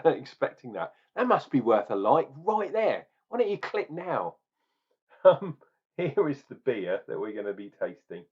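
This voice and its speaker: A man's voice: medium pitch, husky, muffled recording. A chatty middle-aged man from England reviewing a beer, rambling and joking in a casual tasting vlog. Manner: chatty, jokey, rambling asides.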